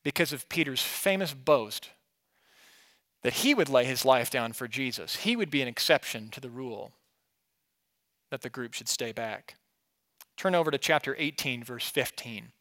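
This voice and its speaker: With a mid-range voice, lively intonation, a moderate pace, and frequent pauses, a pastor delivers an expository sermon as if in conversation. He questions his listeners and alternates between emphasis and quiet.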